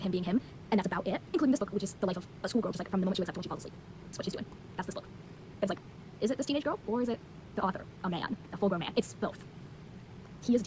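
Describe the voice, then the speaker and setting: A woman's voice: medium pitch, noisy background. A teenage girl chatting casually about books she has read, rambling with lots of fillers and blunt opinions. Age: teens. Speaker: vlogger. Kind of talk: casual book review chat.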